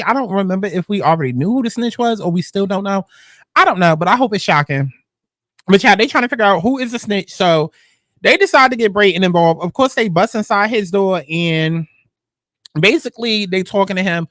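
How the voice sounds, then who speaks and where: Talking a little fast with no room sound and clean studio quality, a woman recaps a TV show casually. She's blunt, profane, and animated, her pitch jumping abruptly.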